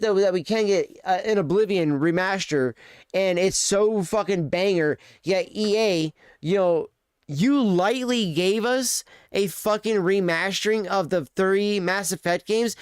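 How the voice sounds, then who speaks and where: A man's voice: high voice, smooth, no echo, studio quality. A man streaming live, ranting in casual, profane, rambling chat.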